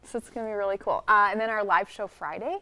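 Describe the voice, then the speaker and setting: A woman in her thirties from Michigan's Upper Peninsula co-hosts a TV show from the studio. She chats casually and laughs often, in a mid-pitched voice. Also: fast, bright, forceful tone. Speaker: TV show co-host.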